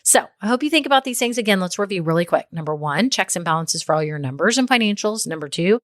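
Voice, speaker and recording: Fairly low in pitch, this woman's voice is animated and quick as she hosts a podcast and gives solo business advice. Her delivery is chatty, frequently punctuated by "okay?" and "right?", and the studio-quality recording has no room sound.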